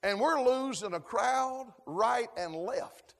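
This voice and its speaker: A man preaching a folksy sermon, calling for amens and building to shouts. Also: very high-pitched, lively intonation, takes it slowly, gravelly. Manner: folksy, call-and-response, rising to shouts. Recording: long hall reverb.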